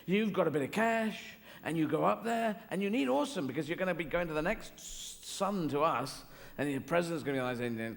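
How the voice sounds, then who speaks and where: A comedian rambling through stand-up with a lively, swooping delivery and a gravelly edge to his voice. He restarts and veers off on whimsical tangents. The sound carries a long theatre echo and steady room noise. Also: a little high, brisk. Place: large theatre stage. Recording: echoey live theatre hall with ambient noise.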